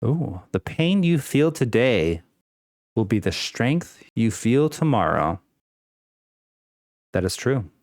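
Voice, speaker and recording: Young man, unscripted rant, swings up and down in pitch, fillers and restarts, casual swearing, dry close sound. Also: big pitch swings, takes it slowly, long pauses, a little mellow, no room sound. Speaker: vlogger.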